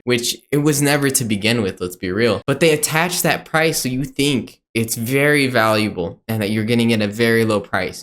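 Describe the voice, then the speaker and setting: A man's voice: medium pitch, a bit bright. A young man hosting a casual reaction video, laid-back and joking, with lots of fillers. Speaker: host.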